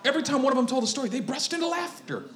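A man preaching a sermon through a personal story, swinging from hushed tones to shouting and laughing often. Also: very high-pitched, animated, rapid-fire, reverberant.

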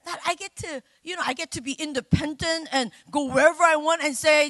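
High, bright-voiced woman preaching. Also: brisk, few pauses, no room sound. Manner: animated and emotional, bursting into loud exclamations; chatty and humorous, talking directly to the congregation. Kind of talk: sermon.

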